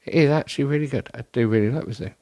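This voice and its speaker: There's no echo around this man's mid-range, dark-toned voice, and he talks very fast. Though tired and yawning, he rambles on his solo podcast in a casual, self-deprecating way, often restarting and saying um.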